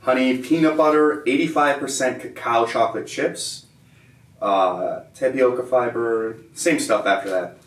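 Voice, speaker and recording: Relaxed man in a roomy space. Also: medium pitch. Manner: relaxed, reads out nutrition labels. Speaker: co-host reviewing protein bars. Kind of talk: casual taste-test chat. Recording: roomy, mic at a distance, faint ambience.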